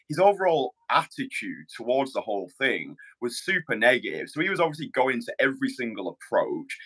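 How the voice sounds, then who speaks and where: A man's voice: medium pitch, a bit bright, slightly rough. A man hosting a podcast as a dating coach, talking bluntly in casual chat, swearing and restarting his sentences.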